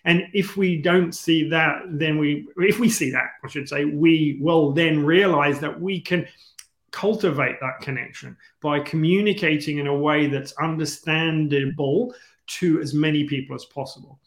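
A man's voice: fairly high pitch, fairly even intonation, moderate pace. Earnest man from the UK, echoey. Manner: earnest, searching, restarts phrases. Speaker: guest, entrepreneur. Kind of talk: reflective interview talk.

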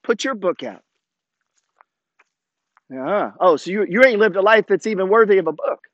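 Middle-aged male creator, confrontational and profane, slightly high voice, dry close sound. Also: expressive, normal speed, long pauses, no echo. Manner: profane, confrontational, swings between loud and low. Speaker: finance content creator. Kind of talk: blunt motivational rant.

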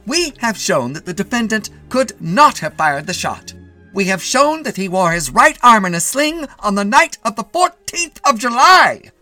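A man voicing a fervent defense attorney who declaims loudly in court. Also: high voice, big pitch swings, normal speed, soft background music, pitched above the performer's own voice, full character voice. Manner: declaiming, loud.

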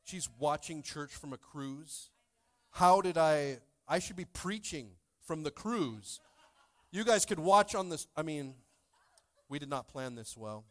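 A man's voice: mid-range voice, clean tone. A man preaching a casual sermon as pastor, joking and talking straight to the congregation. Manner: joking, animated, talks to the congregation.

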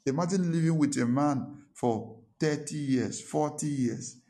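A man's voice: on the high side, unhurried, warm tone. A man preaching a sermon as a pastor. He talks emphatically, repeats his points and acts out the people he quotes.

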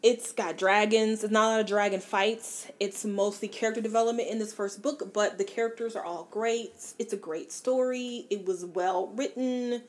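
A young woman vlogging about books in a casual, candid and blunt way, with animated, self-deprecating asides. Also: mid-range voice, moderate pace, few pauses. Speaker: book vlogger. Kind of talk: casual book review chat.

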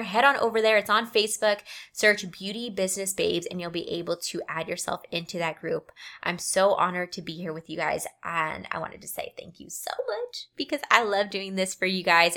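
A woman's voice: medium pitch, fairly bright tone. A woman in her thirties hosting her own podcast, talking in an upbeat, chatty way and correcting herself as she goes. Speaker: podcast host. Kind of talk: casual solo podcast talk.

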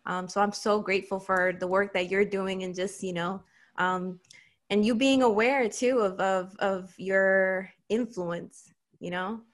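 A woman's voice: mid-range voice, fairly even intonation, a little slow. A woman hosting a casual conversation, talking in a rambling way with many fillers. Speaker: host.

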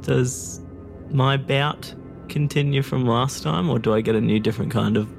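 A man's voice: medium pitch, normal speed, creaky, soft background music. A man player in a tabletop game, talking hesitantly and asking questions. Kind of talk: casual game play.

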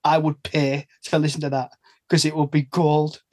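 A man's voice: fairly high pitch, level tone, moderate pace, a little mellow, no echo. A British man chatting as a podcast guest, rambling, restarting his sentences and laughing between thoughts. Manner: rambling, self-interrupting, laughs often. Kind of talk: casual chat.

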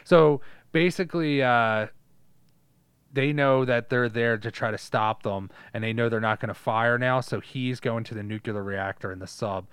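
A man's voice: mid-range voice, smooth, no echo. A man co-hosting a podcast, casually and profanely retelling film scenes. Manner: profane, animated retelling with quick put-on voices. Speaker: podcast co-host. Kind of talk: casual movie chat, recapping scenes.

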